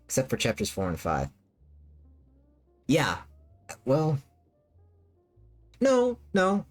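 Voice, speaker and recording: A woman's voice: extremely low pitch, wildly swooping pitch, takes it slowly. A woman streamer chatting casually with her live chat, rambling and repeating herself with lots of fillers. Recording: faint music behind.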